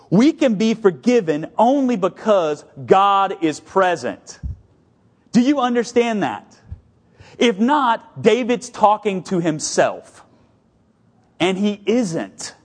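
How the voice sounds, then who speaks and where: A middle-aged male pastor preaching a sermon, telling a story, then slowing down for emphatic points. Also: sits high. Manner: storytelling, shifts between brisk and slow emphatic delivery.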